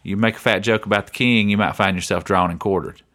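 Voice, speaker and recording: A man's voice: on the low side, fairly even intonation, fast, fairly bright tone. A man co-hosting a casual podcast, chatty and leading the talk, often calling his co-host by name. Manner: chatty, keeps saying his co-host's name.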